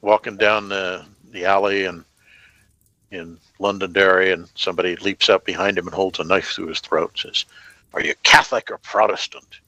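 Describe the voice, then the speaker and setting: Bright-toned man on a muffled line. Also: sits low, little pitch movement, moderate pace, no echo. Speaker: guest. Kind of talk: casual chat.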